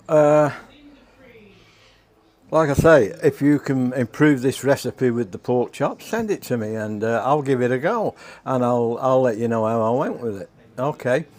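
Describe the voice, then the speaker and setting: A man's voice: mid-range voice, darkish tone. A man chatting casually as a home cooking vlogger, tasting his food on camera and talking with his mouth full. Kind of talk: casual taste-test chat.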